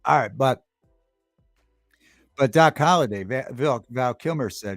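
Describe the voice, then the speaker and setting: Faint music plays behind a man whose ordinary, middle-pitched voice has a gravelly edge; he moves at a moderate pace with long pauses. Hosting a laid-back livestream talk show, he chats with viewers, reads their chat aloud, and savors favorite movie quotes, all recorded dry and close.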